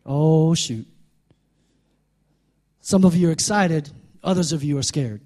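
A man's voice: takes it slowly, long pauses, warm tone. Preaching man with a rising, calling cadence. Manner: joking asides in a lower conversational voice. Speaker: pastor. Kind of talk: sermon.

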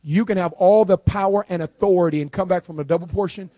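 A male preacher delivering a live sermon to a congregation, emphatic and repeating key lines, moving between quiet asides and loud declarations. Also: high-pitched, steady tone, quick pace, dry recording.

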